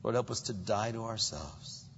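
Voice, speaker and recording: Gravelly-voiced man preaching a sermon. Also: moderate pace, a bit bright, long reverb tail, muffled recording, a little hiss or hum. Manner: acts out quoted voices with big pitch jumps. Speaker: pastor.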